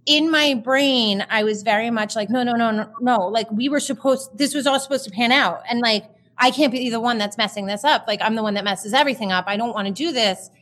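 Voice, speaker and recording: Woman, 30s, podcast guest; high-ish voice, candid, emotional, filler-heavy storytelling. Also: a little fast, few pauses, fairly bright tone.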